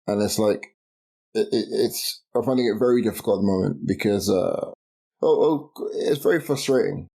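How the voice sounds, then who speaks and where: A man's voice: lowish voice, moderate pace, creaky, dark tone. A man in his twenties co-hosting a casual podcast chat, ranting in an exasperated way with many restarts and laughs. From United Kingdom. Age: 20s. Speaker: podcast co-host.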